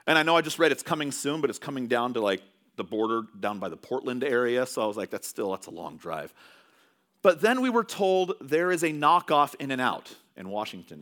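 A man's voice: medium pitch, fairly bright tone. A man from California preaching a sermon as pastor, telling stories in a loose, conversational way with many restarts.

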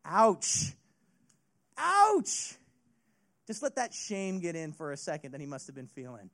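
A man preaching a sermon as a youth pastor, retelling a story with an expressive delivery. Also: fairly high pitch, fast talker.

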